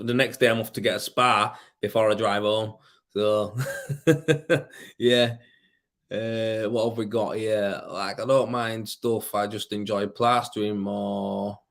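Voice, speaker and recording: A tired man with a fairly low voice hosts a casual live stream and reads viewer questions aloud. He answers in easygoing, slang-filled chat and keeps calling people mate. He is in his thirties and talks like a worn-out working tradesman. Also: fairly bright tone. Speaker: plasterer livestream host.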